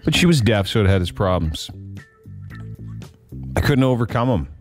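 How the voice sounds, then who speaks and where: A man's voice: lowish voice, big pitch swings, normal speed, faint music behind. A man co-hosting a radio show, telling a rambling, jokey anecdote in casual chat. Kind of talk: casual storytelling on morning radio.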